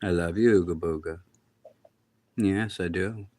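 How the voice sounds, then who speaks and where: A man's voice: low-pitched, measured pace, darkish tone, dry recording. A man hosting a casual livestream from his backyard at night on a phone, rambling and talking to his pets. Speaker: livestream host.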